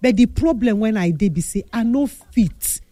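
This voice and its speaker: Lively storytelling Nigerian woman. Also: fairly high pitch, normal speed, no room sound. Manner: storytelling, acts out quoted people, preachy. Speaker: studio guest. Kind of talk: advice talk on a radio show.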